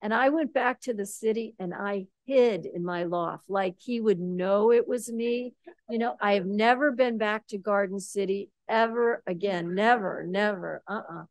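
Older lady artist telling a funny story at a lecture, slow and dry sounding, voice jumps up for emphasis. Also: medium pitch, no room sound. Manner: animated, ironic storytelling with rising emphasis. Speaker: visiting artist giving a lecture. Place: lecture hall.

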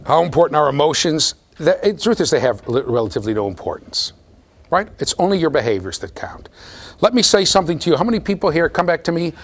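A man giving a university lecture, animated, often checking in with the students and repeating his words. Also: fairly high pitch, quick pace. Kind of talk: classroom lecture.

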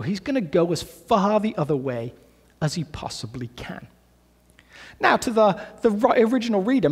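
Husky, animated preacher in a big hall. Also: male voice, high-pitched. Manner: lively, conversational preaching with asides and restarts. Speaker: pastor. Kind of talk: sermon. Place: church sanctuary.

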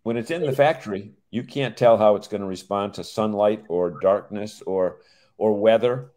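A man's voice: lowish voice, normal speed, mellow. A man co-hosting a casual show over a video call, joking and rambling with restarts. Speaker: co-host. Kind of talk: casual chat.

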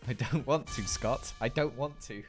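A man's voice: mid-range voice, normal speed, soft background music. A British man hosting a live gaming stream, chatting playfully and reading viewer comments aloud. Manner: chatty, playful, jokey banter with chat.

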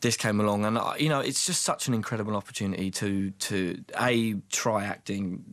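A man chatting as a guest in a radio studio interview, self-deprecating and quick to laugh. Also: on the low side, a bit bright, no room sound. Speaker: singer and actor, guest. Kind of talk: casual radio interview chat.

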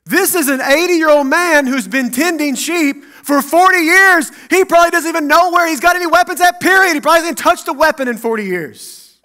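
Pastor guy preaching in church, high bright voice, goes big then whispery. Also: fairly quick. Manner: animated, acts out Bible dialogue, swings between loud and hushed. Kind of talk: sermon.

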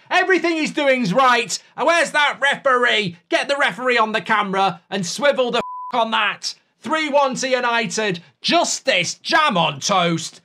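A man's voice: very high voice, measured pace, hardly any pauses. A man reacting live to a football match, cheering and breaking down the tactics with energy. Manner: excitable, then tactical ranting. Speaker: football fan streamer.

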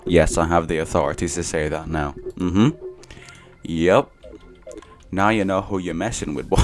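Young male let's-player, unhurried delivery, low voice, teasing asides to enemies, faint music underneath. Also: steady tone, no echo. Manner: playful, talks to game enemies in a teasing voice. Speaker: gaming channel host. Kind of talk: casual let's play commentary.

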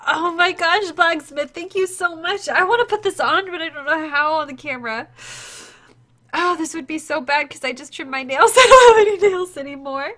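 A woman's voice: sits high, normal speed, sharp tone. A woman streaming live to her viewers, gushing and tearful as she opens a gift, exclaiming often. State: tearful, close to crying.

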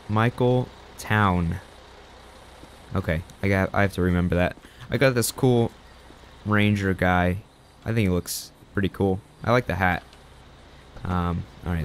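A young man talks his way through a cop game in loose, rambling commentary, poking fun at his own slips. His voice sits low, and faint game sounds run underneath. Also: a little hiss or hum. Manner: rambling, chatty, self-deprecating. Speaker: gaming channel host. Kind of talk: casual gameplay commentary.

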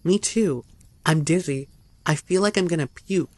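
A woman's voice: deep voice, moderate pace, a little mellow, no echo. A man voicing a frightened, finicky young woman who whines and pleads while sick. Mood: queasy. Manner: pleading, whiny.

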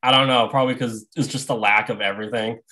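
Bright-voiced, easygoing man guest. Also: mid-range voice, steady tone, fast, poor audio. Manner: easygoing, laughs often. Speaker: podcast guest. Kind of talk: casual podcast chat.

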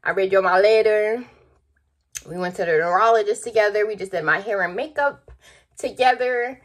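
A woman's voice: mid-range voice, normal speed. A young woman chatting casually to her viewers in a loose, rambling vlog, talking to them as "y'all". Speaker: vlogger. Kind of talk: casual vlog chat to camera. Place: at home, then in a car.

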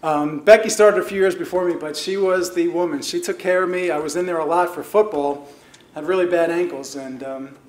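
A man's voice: on the high side, fairly quick. A middle-aged man giving a chatty, self-deprecating banquet acceptance speech as a hall of fame inductee, laughing at his own stories. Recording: roomy hall with faint noise.

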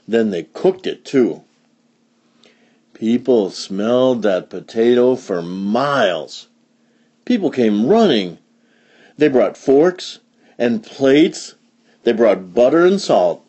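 A man reading a picture book aloud for young learners, animated, with big jumps in pitch for emphasis. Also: slow pace, long pauses, breathy edge, dull audio. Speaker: storybook reader.

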